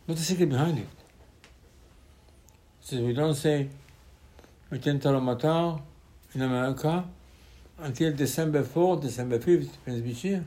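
A man's voice: fairly high pitch, normal speed, pauses often, dark tone. A man, a rabbi giving an informal Torah class in choppy English with lots of repetition. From Israel. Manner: choppy non-native English with many repetitions.

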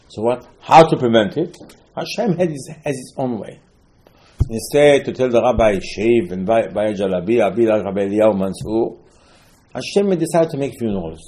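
Mellow-voiced man giving an animated Torah talk. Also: on the low side, normal speed. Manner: animated storytelling with rhetorical questions and frequent restarts. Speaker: rabbi teaching Talmud. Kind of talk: informal Torah lecture.

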